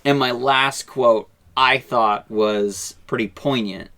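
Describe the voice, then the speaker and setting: A man's voice: medium pitch, slow, bright, forceful tone. A man co-hosting a casual podcast, retelling movie scenes with laughter. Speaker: podcast co-host. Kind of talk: casual chat, film review.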